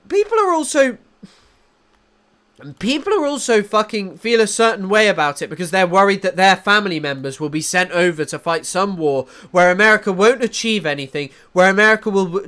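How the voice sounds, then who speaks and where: A livestream host from England talks loosely about current events, reads chat messages aloud, and often begins sentences again in a rambling way. His voice is high-pitched and bright with a forceful tone.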